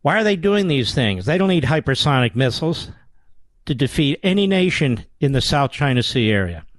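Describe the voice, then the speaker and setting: A man's voice: mid-range voice, big pitch swings, moderate pace, no room sound. A man hosting a talk radio show, arguing his points emphatically with rhetorical questions.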